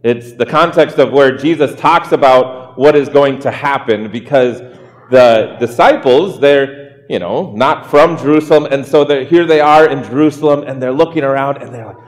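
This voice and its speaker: A pastor delivers a relaxed, talky sermon, pitched at an ordinary middle level for a man. He keeps turning to his listeners with rhetorical questions. His voice rings out with a long hall echo. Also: moderate pace. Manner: chatty, asks rhetorical questions. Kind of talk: conversational sermon.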